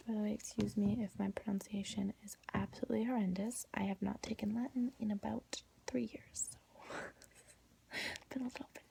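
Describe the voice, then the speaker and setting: A woman reading a storybook aloud in a soft whispered role-play, mostly whispering, with quiet voiced lines for the characters. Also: medium pitch, steady tone, moderate pace, gravelly, breathy edge, low-quality recording. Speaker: ASMR reader.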